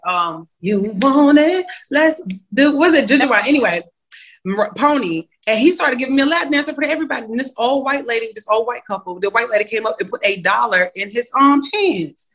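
A woman's voice: a little high, fairly quick, a bit bright. A young woman singer, a guest in a casual interview, chatty and laughing, with preachy asides.

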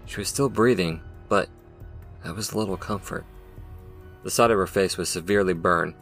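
A man giving a measured, dramatic scripted narration of a story. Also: low voice, fairly bright tone, soft background music. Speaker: audiobook narrator.

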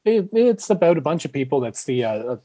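A man's voice: fairly high pitch, big pitch swings, fairly quick, dark tone, dry recording. A man co-hosting a casual hockey podcast, rambling with lots of fillers and restarts. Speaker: podcast co-host.

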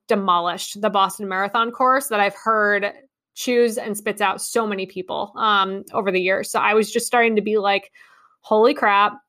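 A young adult woman hosting a podcast, telling a story in a chatty, excitable way with many ums and likes. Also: mid-range voice. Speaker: podcast host. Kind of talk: casual monologue recap.

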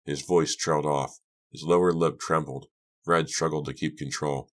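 A man narrating a horror novel for an audiobook in a steady, measured way. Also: rumbling low. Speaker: audiobook reader. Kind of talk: scripted narration.

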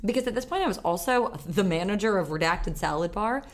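A young woman co-hosting a podcast, telling a story in casual chat, animated, swearing freely and laughing often. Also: mid-range voice, fairly quick. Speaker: podcast co-host.

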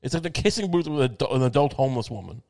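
A man's voice: mid-range voice, animated, rapid-fire, creaky, dark tone. A man hosting a podcast, delivering a crude, rambling comedic monologue with lots of profanity, stammered restarts and acted-out quoted voices. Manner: acts out quoted voices in bits.

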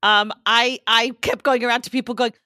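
A woman co-hosting a podcast in casual chat, her voice hoarse and strained yet bright and forceful, pitched a little high. She tells stories in a teasing, animated way, and the recording is dry and close. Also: brisk, no room sound. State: hoarse, lost voice. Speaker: podcast co-host.

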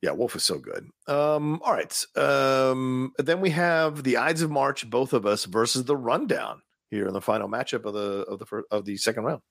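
Podcast co-host, male, gravelly and husky, lively and rambling, dry close mic. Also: mid-range voice, normal speed, hardly any pauses, no room sound. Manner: opinionated, laughs often, rambling. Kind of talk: casual movie chat.

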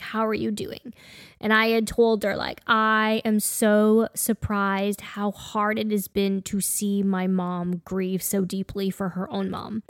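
A woman's voice: medium pitch, dry recording, clean studio sound. A woman co-hosting a casual conversation, telling personal stories in an earnest way.

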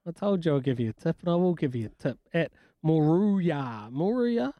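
A New man hosting a breakfast radio show, cracking jokes and rambling between laughs. His voice sits a little high for a man and is close and dry in the studio, with no room sound. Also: lively intonation, rapid-fire, dry recording, dull audio. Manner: jokey, rambling, laughs often. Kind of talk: casual breakfast radio banter.

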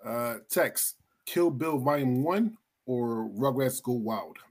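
A man hosts a casual podcast, his husky voice sitting at a middle pitch. He talks loosely and bluntly, swearing and laughing as he runs the show. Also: takes it slowly. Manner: animated, swearing, laughing often. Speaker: podcast host.

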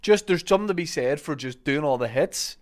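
A man's voice: on the high side, animated, a little fast. A man, a guest on a podcast, chatting casually about gigs and restarting his sentences. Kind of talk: casual comedic chat.

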